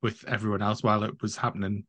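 A man's voice: lowish voice, level tone, fast, fairly bright tone, no room sound. A man from the United Kingdom co-hosting a podcast, chatting casually and rambling with many fillers and restarts. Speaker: podcast co-host.

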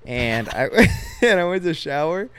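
A man's voice: on the high side, expressive, measured pace, clear, resonant tone, no room sound. Young man in a laid-back podcast chat. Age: young adult. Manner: laid-back, rambling, swears a lot. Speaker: podcast co-host. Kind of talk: casual chat. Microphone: studio microphone.

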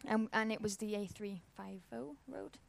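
A woman's voice: medium pitch, normal speed, gravelly. A woman, giving an informal church talk and telling a personal story in a casual, conversational way. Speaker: church speaker.

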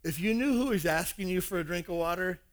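A preacher voicing Jesus, calm and knowing. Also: male voice, high-pitched, fast talker, close to an everyday voice.

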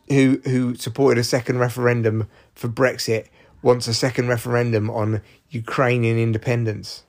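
A man in his forties hosting a solo podcast, rambling, self-deprecating and swearing freely. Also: mid-range voice. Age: 40s. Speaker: podcast host. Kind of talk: casual solo podcast monologue.

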